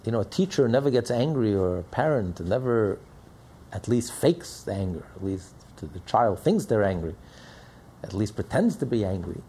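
A man's voice: lowish voice, expressive, normal speed, mellow, slightly rough. A man teaching a Torah lecture as a rabbi, emphatic and repeating phrases as he builds each point.

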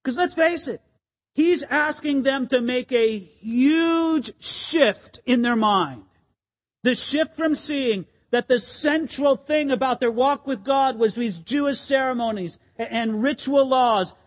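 Guy pastor preaching a bible sermon, animated and chatty, emphatic, high voice. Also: in a large hall. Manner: animated, conversational, emphatic, with asides to the congregation. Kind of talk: expository sermon.

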